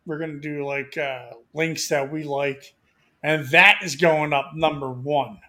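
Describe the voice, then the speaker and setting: Male podcast co-host, casual and profane, a little high-pitched. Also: fairly even intonation, measured pace, bright, forceful tone. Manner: rambling, with many fillers and restarts. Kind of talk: crude casual chat.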